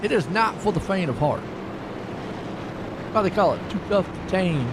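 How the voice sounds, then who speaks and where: A high, lively male voice calls a virtual stock car race in a folksy, excitable way. Engine noise runs under his words, and he swings between chatty asides and sudden bursts of surprise. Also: moderate pace. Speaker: sim racing commentator. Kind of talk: live race commentary. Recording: noisy stream with car engine sound.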